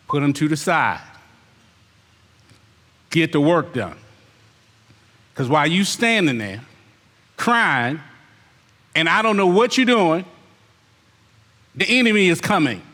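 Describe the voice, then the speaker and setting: A man preaching with a high, bright, forceful voice, hammering his points with repetition and rhetorical questions. The sound carries a long hall reverb. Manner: mimics lazy excuses in put-on voices. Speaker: elder preaching. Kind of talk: sermon.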